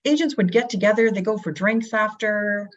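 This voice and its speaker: A woman speaking as a guest in an interview, energetic, asking rhetorical questions and acting out quotes. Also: mid-range voice, normal speed. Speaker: real estate brokerage guest. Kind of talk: animated interview talk. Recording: dull lo-fi audio.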